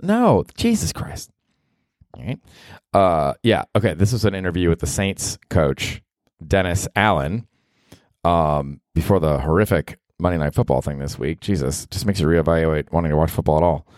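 This Southern US podcast host in his forties talks alone in a loose, profane, rambling way, often breaking into laughter. His voice sits low with a darkish tone at a moderate pace, captured in studio quality without room sound.

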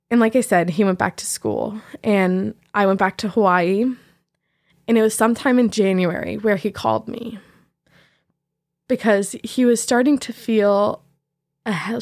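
A young adult woman hosting a podcast, candidly recounting a personal story in a reflective way, with soft laughs between thoughts. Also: medium pitch, no room sound, clean studio sound. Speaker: podcast host.

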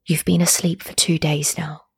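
A woman voicing a caring young husband in a storybook reading, speaking softly and soothingly. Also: fairly low pitch, a little slow, gravelly, husky, heavily acted. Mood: tender. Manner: soft and hushed, comforting.

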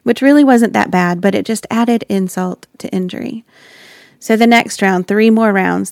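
A woman's voice: medium pitch, moderate pace, vocal fry, dry recording, studio quality. A woman sharing an earnest, reflective personal faith story as a wife and mother. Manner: earnest, reflective, with soft laughs.

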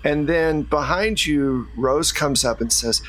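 A man running a tabletop role-play game as game master, narrating scenes in a calm storytelling manner. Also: fairly high pitch, slow pace, rough recording. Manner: calm storytelling, drops into character voices.

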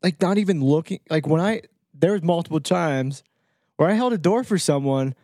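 A man co-hosting a relaxed podcast chat, his slightly high voice wandering through thoughts full of "um" and "like." The recording is dry and close. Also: no echo. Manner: rambling, halting with many fillers and restarts. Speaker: podcast co-host. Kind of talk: casual chat.

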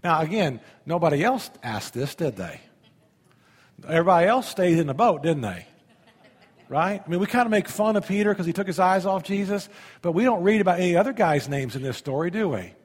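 A man pastor gives a chatty sermon, often turning to the congregation with questions. His voice is slightly high and a bit husky. A long reverb hangs around every phrase. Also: lively intonation, a little fast. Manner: conversational, asks the audience questions.

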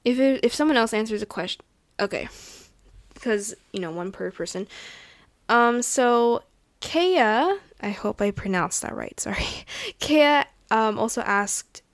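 A woman's voice: fairly high pitch, unhurried, no echo. Gushing woman podcast host, dry sound. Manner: gushing, excitable and chatty, with frequent laughs and fillers. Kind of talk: casual solo podcast chat. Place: at a table, indoors.

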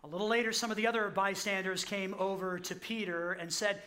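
A pastor delivers a sermon in a high, bright voice. He narrates scripture like a story, acting out the quoted lines. He repeats his key point slowly. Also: steady tone.

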